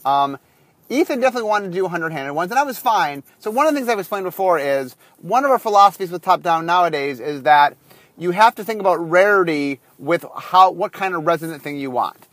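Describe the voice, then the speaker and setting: A man's voice: sits high, animated, a little fast, fairly bright tone, no room sound. A man hosting a casual solo podcast while driving in his car, rambling with lots of fillers and restarts. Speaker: podcast host.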